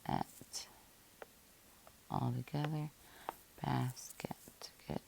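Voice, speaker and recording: A woman's voice: a bass voice, big pitch swings, extremely slow, gravelly, noisy background. A woman teacher giving a patient, methodical phonics lesson, breaking words into syllables and spelling them out letter by letter.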